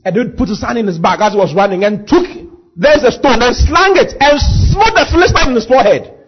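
A husky-voiced man preaching a sermon as pastor, acting out scenes and shouting at the peaks. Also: extremely high pitch, animated, quick pace, highs cut off.

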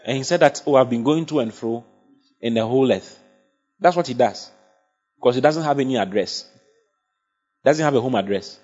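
Husky man preaching a sermon. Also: mid-range voice, normal speed, pauses often, darkish tone, faint music behind. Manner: emphatic, asks the congregation for assent. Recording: dull lo-fi sound.

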